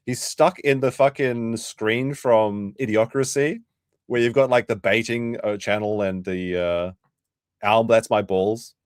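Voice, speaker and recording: A man hosting a live-stream commentary show, casual and profane, mocking his subjects and often breaking into loud laughter. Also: mid-range voice, dry recording, studio quality. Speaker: livestream commentary host.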